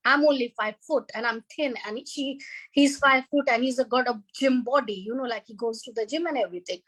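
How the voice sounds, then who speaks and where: A woman's voice: on the high side, brisk, rough recording. A woman, a guest animatedly retelling a painful family dispute over a video call. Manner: animated, vivid retelling of arguments. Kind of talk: emotional personal storytelling.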